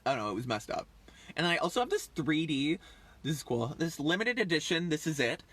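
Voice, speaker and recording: A man's voice: on the high side, sing-song, a little fast, a bit bright. A man in his thirties rambling casually on a livestream, chatty and full of fillers, often trailing off. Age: 30s. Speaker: livestream host.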